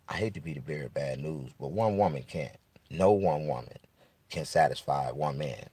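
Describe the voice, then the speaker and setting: Deep, gravelly man ranting profanely. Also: mellow, no room sound. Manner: profane, rambling, boastful. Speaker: barber and comedian vlogger. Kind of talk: improvised casual rant. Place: inside his car.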